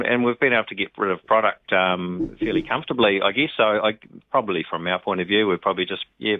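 A New Zealand man speaks over a thin, tinny phone line. His voice is lowish and dry. He rambles casually and fills his gaps with ums and you-knows. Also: no room sound. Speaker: pork industry representative. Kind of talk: radio phone interview.

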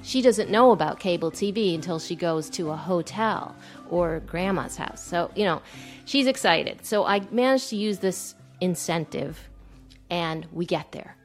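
A woman in her thirties telling a personal story, animated and breathless, acting out the lines she quotes. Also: fairly low pitch, unhurried, soft background music.

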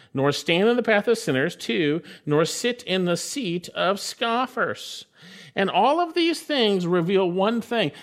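A man preaching a sermon, reading Bible verses aloud and explaining them with emphatic, rising delivery on the quoted lines. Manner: expressive preaching, pitch swings up on quoted scripture; reads verses aloud with references. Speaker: pastor.

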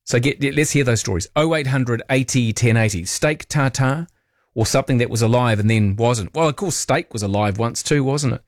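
A man's voice: mid-range voice, brisk, hardly any pauses, no echo, studio quality. A man with a New Zealand accent hosting a talkback radio show in a playful, chatty way with jokey asides. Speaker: radio talk host. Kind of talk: casual talkback chat. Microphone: studio microphone.

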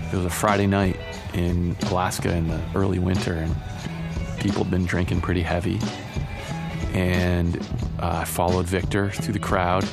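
A man telling a personal story in a relaxed, conversational way, with guitar music under his voice. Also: sits low, vocal fry. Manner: relaxed, conversational with frequent "you know" and "kinda". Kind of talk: first-person spoken storytelling.

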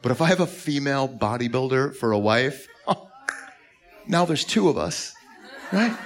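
Animated male stand-up comic. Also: medium pitch, a little slow, long pauses. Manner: animated, acts out scenes. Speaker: stand-up comedian. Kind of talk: stand-up comedy routine.

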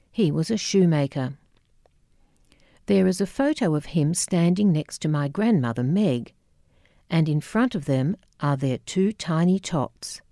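A woman reading her audiobook memoir in a wry, measured, reflective way. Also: low-pitched, warm tone, no room sound, studio quality. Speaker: memoir narrator.

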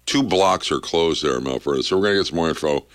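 A man's voice: a bass voice, rapid-fire. A man hosting a morning radio show, giving traffic news in an easygoing, conversational way. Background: faint music bed.

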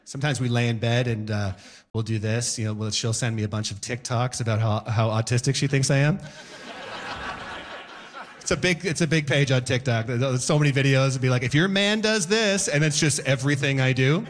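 A man doing a stand-up set on stage before a live audience, animated, breaking into shouted voices and sound effects. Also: medium pitch, fairly quick. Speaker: stand-up comedian.

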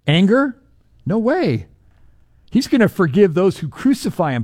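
A man preaching a sermon, retelling scripture with animated storytelling and rhetorical questions. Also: sits high, unhurried, no echo, clean studio sound.

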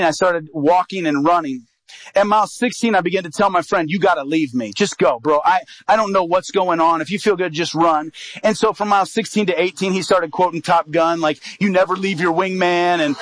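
A man in his thirties, an evangelist, preaches by telling a personal story and acting out the dialogue he quotes. His voice is a little high and a bit bright, and the audio is poor though free of echo.

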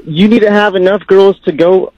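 A man's voice: sits high, steady tone, moderate pace. A man calling into a radio show, confidently lecturing and giving dating advice, often repeating himself. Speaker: radio caller. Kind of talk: casual call-in advice. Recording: muffled phone line.

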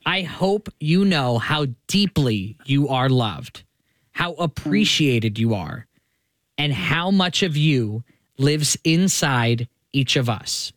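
A man hosting a radio show, reading a heartfelt letter aloud in a slow, earnest way from the studio. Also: medium pitch, lively intonation, a bit bright, dry recording. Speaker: radio host.

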